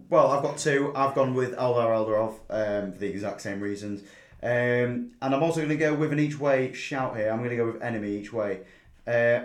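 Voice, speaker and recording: A man hosting a casual horse racing chat, with lots of ums and easy banter. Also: mid-range voice. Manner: chatty, filler-heavy, jokey banter. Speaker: podcast host. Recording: echoey room.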